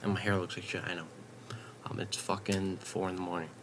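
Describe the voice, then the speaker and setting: A young man vlogging in a late-night ramble at home, swearing casually and drifting into soft half-whispers. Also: deep voice, flat delivery, brisk, noisy background.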